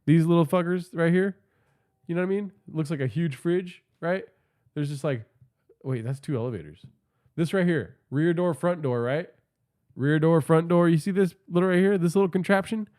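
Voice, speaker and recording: A man's voice: a little high, moderate pace, darkish tone. A man hosting a podcast, telling a rambling, profane comic story and often asking the listener. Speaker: podcast host. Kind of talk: comedic storytelling monologue.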